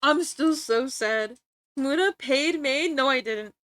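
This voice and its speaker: Bright, giggly young woman streamer. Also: high-pitched, slow, no echo. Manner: giggly, excitable, rambling. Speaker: livestreamer. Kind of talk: casual stream chat.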